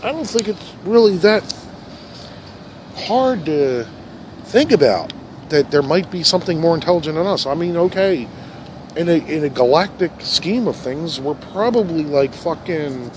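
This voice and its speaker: A man rambling through a profane monologue, dropping to low mutters and then rising into loud rants, recorded in a park. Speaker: vlogger. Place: park outdoors. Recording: outdoor recording with traffic noise. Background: passing cars and outdoor ambience.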